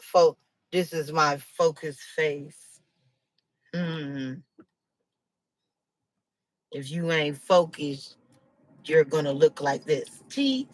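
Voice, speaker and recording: A woman's voice: deep voice, drawn-out words, long pauses, poor audio. A woman, hosting a casual livestream chat from home, laughing heartily and teasing playfully. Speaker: channel host.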